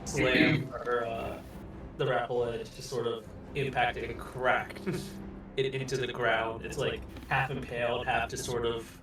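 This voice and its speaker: A man playing in a tabletop game, excited and laughing, rambling through his character's actions. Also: mid-range voice, a little slow. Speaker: player. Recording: echoey room with background music, distant mic.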